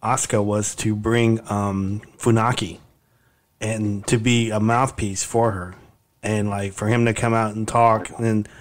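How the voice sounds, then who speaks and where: A man's voice: lowish voice, level tone, unhurried. A man co-hosting a podcast in casual chat, telling stories in a hesitant, rambling way. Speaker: podcast co-host.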